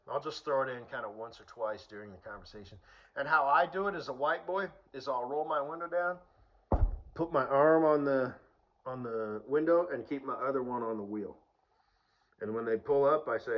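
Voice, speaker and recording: A man's voice: mid-range voice, normal speed, fairly bright tone, rough recording. Rambling, swearing young man telling stories. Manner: rambling, swears freely, with many fillers. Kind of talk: casual storytelling.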